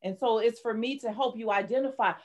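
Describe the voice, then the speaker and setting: Candid storytelling woman, higher voice. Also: brisk, a little mellow. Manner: candid, emotional, dramatic retelling. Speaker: guest, life coach and author. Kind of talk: personal storytelling in an interview.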